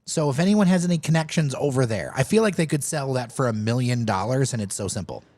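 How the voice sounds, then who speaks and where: Man, mid-pitched, very lively intonation, enthusiastic casual podcast co-host. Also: quick pace. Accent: Detroit, Michigan. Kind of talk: casual chat.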